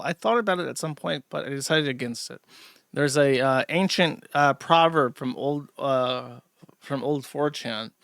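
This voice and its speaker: A man's voice: a little high, vocal fry, a bit bright, no echo, clean studio sound. A man reading out viewer donations on his livestream and answering them in a blunt, profane, sardonic way. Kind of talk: casual livestream chat.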